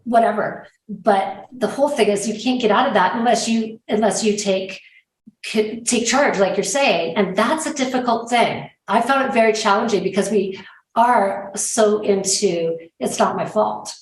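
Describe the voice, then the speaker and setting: A woman's voice: mid-range voice, normal speed. A woman hosting an interview, talking in a reflective, hesitant way with many restarts. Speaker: host, interviewer. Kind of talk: conversational interview. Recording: echoey room.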